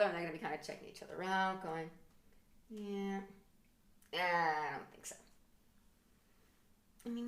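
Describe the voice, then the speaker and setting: A middle-aged woman performing a stand-up comedy monologue, theatrical, with sudden hushed whispers and mock outbursts. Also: mid-range voice. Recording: roomy echo.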